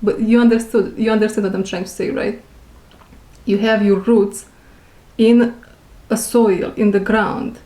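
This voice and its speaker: A woman who speaks English as a second language, giving an intuitive spiritual reading to her viewers. She talks slowly, repeats her phrases and searches for words. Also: mid-range voice, expressive, a little mellow, roomy sound. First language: not English. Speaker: intuitive reader.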